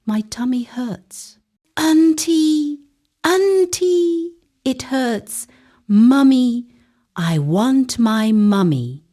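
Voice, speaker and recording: A woman's voice: on the high side, flat delivery, slow pace, hardly any pauses, mellow, voice pushed up. A woman voicing a frightened little girl who cries out in pain. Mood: crying. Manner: crying, wailing.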